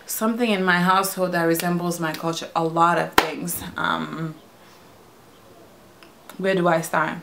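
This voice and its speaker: A young Nigerian woman with a Nigerian accent and a fairly low voice talks through a tag video from her home. She speaks in a relaxed, chatty way, giggles now and then, and repeats words as she goes. Igbo is her first language. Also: a little slow, gravelly, long pauses, noisy background. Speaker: vlogger. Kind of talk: casual tag video chat.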